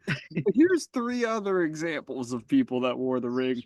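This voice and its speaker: A man's voice: mid-range voice, sing-song, unhurried, a little mellow, no echo. A man co-hosting a podcast, joking and swearing in casual chat. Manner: jokey, swearing, riffing. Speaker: podcast co-host.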